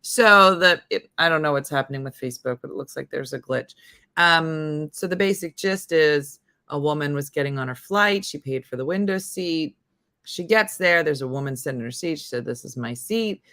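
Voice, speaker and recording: Middle-aged woman host, low voice with a bright edge, loose and chatty on a live stream. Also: normal speed. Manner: chatty, reacting to viewer comments. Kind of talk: casual live-stream chat.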